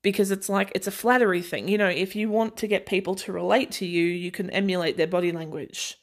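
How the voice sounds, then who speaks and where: A woman's voice: mid-range voice, fairly even intonation, a little fast. An Australian woman hosting a podcast, talking casually on her own in a chatty, sarcastic way and laughing often. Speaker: podcast host. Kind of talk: casual solo chat.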